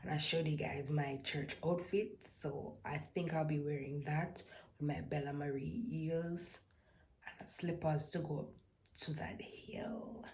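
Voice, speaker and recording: A woman's voice: low voice, fairly even intonation, a little slow, a little mellow. An eighteen-year-old woman with a Jamaican accent, chatting casually to her vlog audience and slipping into patois. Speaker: vlogger.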